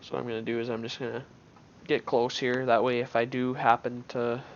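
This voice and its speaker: A man's voice: medium pitch, level tone, a little fast, highs cut off, slight background noise. A man giving casual gameplay commentary on his own match, thinking aloud in an offhand way with many restarts.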